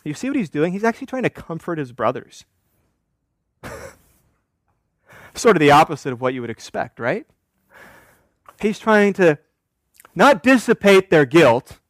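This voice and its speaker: A man's voice: fairly high pitch, sing-song, a little slow, long pauses, dry recording. A man preaching an expository sermon, emphatic, asking rhetorical questions and answering them himself. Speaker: pastor.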